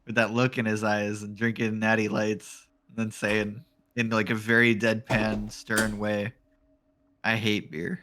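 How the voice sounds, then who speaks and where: Bright-voiced man co-casting. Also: on the low side, completely flat delivery, unhurried, a little hiss or hum. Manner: joking, tells teasing anecdotes. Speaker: esports co-caster. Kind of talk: casual live-stream banter.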